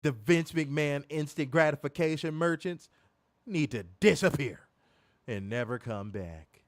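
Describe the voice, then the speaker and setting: A man's voice: on the high side, lively intonation, measured pace, no room sound, clean studio sound. A man hosting a wrestling review stream, ranting in a profane, mocking, emphatic way. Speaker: wrestling show host. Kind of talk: casual profane rant on a livestream.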